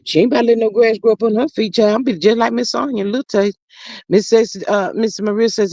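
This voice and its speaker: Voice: medium pitch, brisk, no echo. A live stream host reading viewer comments aloud in casual, sassy chat full of endearments. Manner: animated, sassy, drawling endearments. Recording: dull lo-fi dry audio.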